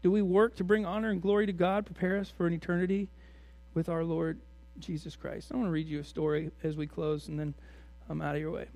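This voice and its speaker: A man's voice: fairly high pitch, level tone, a little fast, a little mellow. A man preaching a sermon as a pastor, in a conversational way full of rhetorical questions to his congregation.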